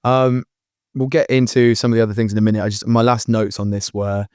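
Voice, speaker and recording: A man's voice: on the low side, level tone, a little fast, a little mellow, smooth, no echo, clean studio sound. A man co-hosting a podcast in casual chat, earnest and rambling as he works through his thoughts. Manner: earnest, rambling, many fillers and restarts. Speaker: podcast co-host. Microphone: podcast mic.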